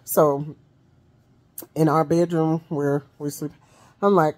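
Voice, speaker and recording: A middle-aged woman tells a casual vlog story in an unhurried, low voice. Her tone is husky and breathy, and a wheeze and a cough come through her speech. She talks chattily and keeps calling her viewers honey and y'all. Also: flat delivery, darkish tone. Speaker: vlogger.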